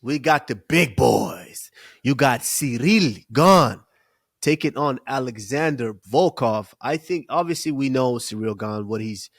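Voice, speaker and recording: Male podcast co-host, casual breakdown talk, relaxed and unhurried, dry close mic. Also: medium pitch, no room sound. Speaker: podcast co-host, fight analyst.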